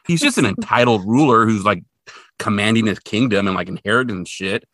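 A man's voice: on the low side, animated, a little fast, fairly bright tone, no room sound. A man co-hosting a podcast, recapping a cartoon episode in casual, wry chat and swearing bluntly. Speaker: podcast co-host.

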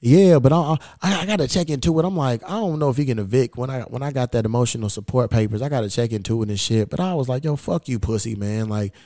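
A fast-talking man with a mid-range voice and few pauses hosts a podcast, recounting a story in casual chat. Swearing freely, he gives animated performances of the exchanges he quotes. It's a dry, studio-quality recording.

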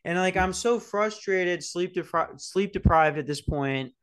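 A man's voice: high-pitched, a little slow, a bit bright, smooth. Young man, podcast host, casual storytelling, swearing, does voices for quotes. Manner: rambling, swearing, acts out quotes.

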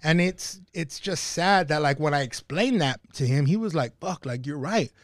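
A man's voice: fairly high pitch, lively intonation, moderate pace, dry recording, clean studio sound. A man in casual podcast chat, talking passionately and swearing often as he tells stories. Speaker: podcast guest.

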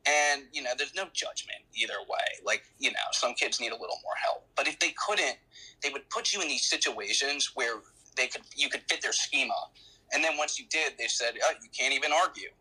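A man with a very bright, edgy voice that carries a husky grain. He recounts his story in a loose, rambling way, circling back with restarts and fillers as a guest in an interview. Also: mid-range voice, moderate pace, poor audio.

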